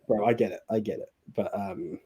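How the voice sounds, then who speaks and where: A man's voice: lowish voice, steady tone, fairly quick, dark tone, husky. A British man co-hosting a casual movie podcast, chatty and friendly. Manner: chatty, calls others bro. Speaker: podcast co-host.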